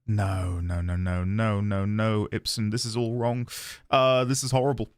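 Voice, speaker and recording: A man's voice: fairly low pitch, flat delivery, normal speed, dry recording, studio quality. A man streaming a game, chatting casually and greeting viewers by name.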